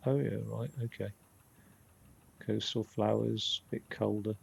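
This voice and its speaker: A man's voice: lowish voice, fairly even intonation, measured pace, gravelly, breathy edge. A man rambling in casual gameplay commentary, often stopping and restarting his sentences. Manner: rambling, self-interrupting chatter. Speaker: streamer.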